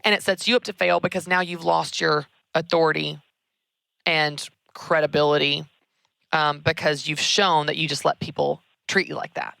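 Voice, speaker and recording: A woman, hosting a show and giving emphatic, animated career advice. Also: low-pitched, normal speed, gravelly, no echo. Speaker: podcast host. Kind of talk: conversational advice.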